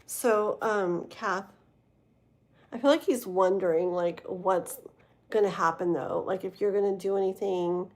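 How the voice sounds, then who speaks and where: A woman's voice: mid-range voice, measured pace. Woman, live tarot reader; casual, rambling delivery heavy on fillers, chatting straight to her viewers. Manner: chatty, addresses viewers directly. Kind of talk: live-stream tarot reading.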